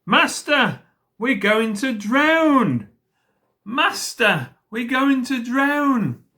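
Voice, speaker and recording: A man voicing frightened adult male disciples, who call out in high, panicked, drawn-out pleas during a storm. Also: very animated, pushed and bright, full character voice.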